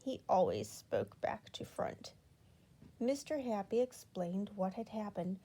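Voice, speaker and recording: Expressive woman reading a children's story. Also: medium pitch, a little slow, breathy edge. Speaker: children's book reader. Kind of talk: storybook read-aloud.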